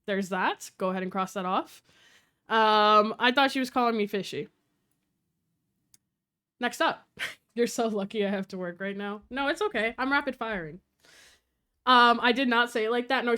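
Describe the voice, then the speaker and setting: Young woman streamer, casual live chat, high bright voice, lively, swears a lot. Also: clean tone. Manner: animated, swearing, quick storytelling with quoted voices.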